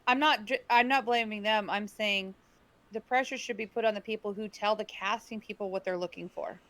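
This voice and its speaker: A woman's voice: mid-range voice, a little fast, fairly bright tone. A woman co-hosting a podcast, pushing back earnestly with hesitant restarts in casual talk. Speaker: podcast co-host. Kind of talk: casual discussion.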